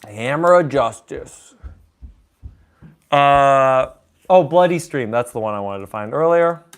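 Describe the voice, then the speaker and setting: A man's voice: medium pitch, expressive, moderate pace, smooth. A man live-streaming at the piano, chatting casually, reading chat aloud and joking while taking song requests. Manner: chatty, reads chat aloud, jokey asides. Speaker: livestreaming pianist taking requests. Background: piano music.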